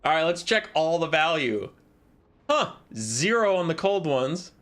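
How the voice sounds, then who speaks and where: A man casting a live strategy game match, calling the action in quick play-by-play and joking with his chat. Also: on the high side, very animated, fairly bright tone. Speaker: esports caster.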